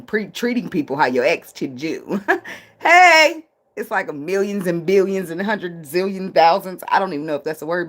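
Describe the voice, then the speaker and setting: A woman giving a casual tarot reading, blunt and profane, laughing often and drifting into tangents. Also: lowish voice. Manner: rambling, talks herself into tangents. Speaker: tarot reader.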